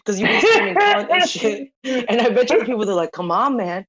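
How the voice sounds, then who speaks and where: A woman's voice: fairly high pitch, very animated, fast, a bit bright, dull audio. Teasing woman in an online chat. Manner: teasing, chatty, asks questions. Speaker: guest in an online chat room.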